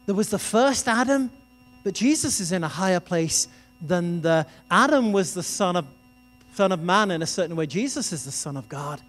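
A man's voice: high-pitched, animated, moderate pace, fairly bright tone. A man preaching a sermon in a conversational, storytelling way. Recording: reverberant hall with music behind.

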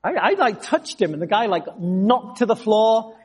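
A male preacher giving a sermon, telling his own testimony in an animated storytelling way. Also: sits high, normal speed, husky. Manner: storytelling, animated, jumps to shouts.

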